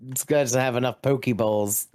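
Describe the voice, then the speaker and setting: A young man co-hosting a casual chat, cracking slow sarcastic jokes and swearing freely. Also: mid-range voice, fairly even intonation, darkish tone, no room sound, clean studio sound. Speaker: co-host. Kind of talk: casual chat, joking commentary.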